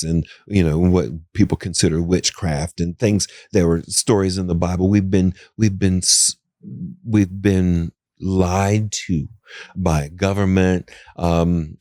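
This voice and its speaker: A man with a low voice and an Appalachian accent tells a story as a podcast guest. He rambles and restarts, fills his talk with "you know", and his voice leaps up when he quotes someone. The sound is dry and close. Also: mellow, dry recording. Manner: voice jumps up high when quoting others. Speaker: psychic guest. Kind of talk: casual storytelling interview. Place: podcast studio.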